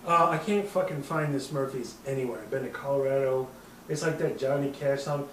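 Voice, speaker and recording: A Midwestern podcast host in his thirties, with a brisk mid-range voice, tells a long, rambling, profane story, laughing often and putting on voices for quotes. The casual storytelling is recorded in an echoey room with a distant mic and slight hiss or hum.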